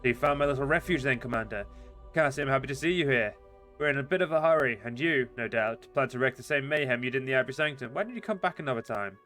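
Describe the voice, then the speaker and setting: A cruel, mocking demon cultist woman from a fantasy game, voiced by a man reading her lines in his everyday voice. The lines come fast and sometimes trip and restart. Faint music plays underneath. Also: mid-range voice, bright, forceful tone, lightly acted. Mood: taunting. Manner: reads quickly, stumbling and restarting words. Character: scheming female demon cultist, taunting and cruel. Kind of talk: reading game dialogue aloud.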